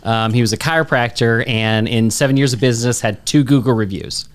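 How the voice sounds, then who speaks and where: A man's voice: mid-range voice, fairly quick. A man co-hosting a casual business talk, agreeing briefly and then telling a client example plainly. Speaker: co-host of a business talk show.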